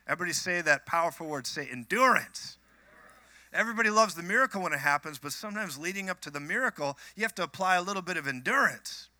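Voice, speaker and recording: A man from Minnesota preaching a sermon, telling animated personal stories with joking asides to the congregation. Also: high voice, quick pace, no echo. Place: church.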